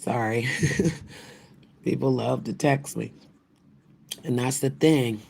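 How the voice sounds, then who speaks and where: A woman's voice: extremely low pitch, steady tone, takes it slowly, gravelly, dark tone, slight background noise. An older woman hosting a live stream, ranting in a profane, rambling, trash-talking way. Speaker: livestream host.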